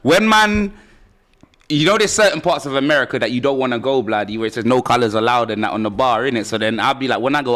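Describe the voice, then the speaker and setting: A man's voice: mid-range voice, quick pace. A man, bantering casually and boastfully as a football pundit on a live stream. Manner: slangy, boastful, animated.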